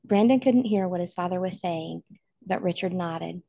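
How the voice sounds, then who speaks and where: A woman's voice: fairly low pitch, normal speed, gravelly, dark tone, dry recording. A woman narrating a novel aloud in an earnest, emotional way. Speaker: audiobook reader.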